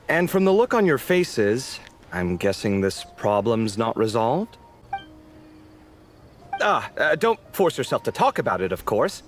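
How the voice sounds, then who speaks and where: A man's voice: medium pitch, slight background noise. A man voicing a friendly, chatty young architect in a video game, polite and a little apologetic. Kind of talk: game voice acting.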